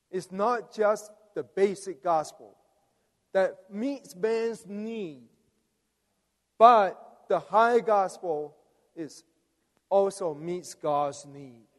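A man's voice: high-pitched, slow, long pauses. A man preaching a sermon, rousing, coaxing the audience to respond. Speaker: preacher leading a conference message. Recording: long reverb of a large hall.

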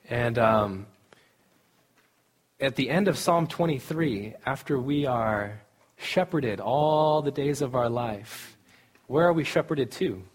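A man's voice: medium pitch, lively intonation, slow pace, pauses often, slightly rough. A middle-aged man giving a casual, joking sermon at a student camp, often laughing as he speaks. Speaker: campus ministry speaker.

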